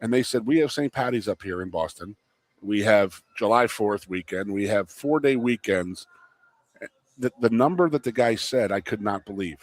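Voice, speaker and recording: A man from the Philadelphia area, co-hosting a live talk show, telling stories in an animated way and laughing easily. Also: lowish voice, normal speed, dry recording. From Philadelphia area, USA. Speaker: co-host. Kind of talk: casual sports talk show chat. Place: restaurant.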